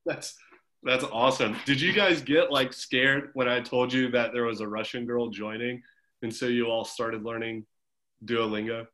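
A man's voice: medium pitch, fairly even intonation, normal speed, sharp tone. A young adult man coaching swimmers over a video call, casual and encouraging with some teasing. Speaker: swim coach.

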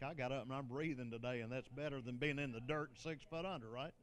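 A man's voice: medium pitch, fast talker, hardly any pauses, a bit bright. An older man, a bishop, preaching a sermon in a conversational way, with joking asides and laughter.

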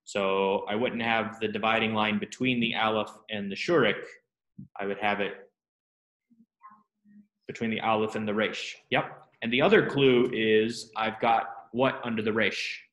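A man with a lowish voice leads a classroom lesson, easygoing and a little self-mocking. He quizzes his students step by step, and the room adds a noticeable echo. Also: a little slow. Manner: relaxed, self-deprecating, asks students questions. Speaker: Biblical Hebrew teacher.

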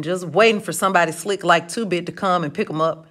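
A woman narrating a novel in the first person for an audiobook, telling it in a steady, lightly expressive way. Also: lowish voice, fast talker.

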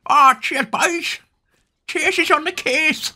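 A man voicing an eager young male cartoon puppy in a squeaky, sing-song voice. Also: takes it slowly, sharp tone, exaggerated voice. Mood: chirpy.

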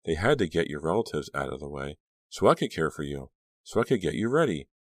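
A sinister middle-aged woman, calm and menacing, who talks softly and steadily, played by a man. The voice stays low, with dry, close sound. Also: quick pace, no room sound, full character voice. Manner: soft, steady, coldly insistent.

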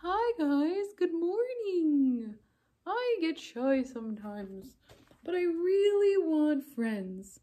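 Shy young puppet creature, played by a woman, high, lively voice for a kids' lesson. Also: drawn-out words, full character voice. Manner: timid, eager to make friends, squealing when scared.

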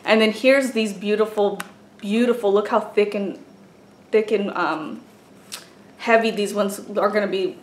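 A woman's voice: medium pitch, a little slow, pauses often. A woman chatting casually as she unboxes gifts for a vlog, gushing and exclaiming over each item. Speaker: beauty and craft vlogger. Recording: echoey room with faint noise.

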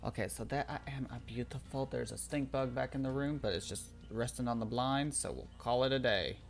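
A man livestreaming a game, chatting casually, swearing, and swinging between mumbled asides and loud outbursts. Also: medium pitch, a little fast, gravelly. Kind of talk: casual chat while live gaming.

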